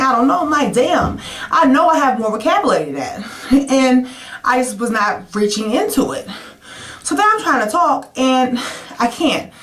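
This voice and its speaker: A woman in her twenties telling a personal story to camera in a chatty, animated way, with many "like" fillers and sudden high jumps when quoting herself. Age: 20s. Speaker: vlogger.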